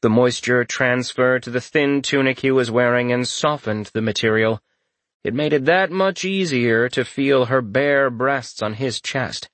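Male narrator, mid pitch, dry studio sound, wry fantasy audiobook reading. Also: unhurried, fairly bright tone, no room sound.

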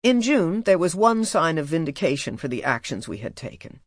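A man reading a memoir aloud as an audiobook narrator, in a measured, even way. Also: a little high, dry recording, studio quality.

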